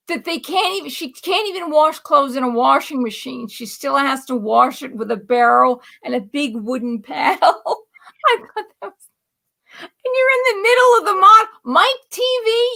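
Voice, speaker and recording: A woman's voice: high voice, vocal fry, fairly bright tone. A woman chatting casually on a livestream, laughing often as she talks. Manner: giggly, breaks into laughter, quotes film lines. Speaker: livestream guest. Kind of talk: casual chat.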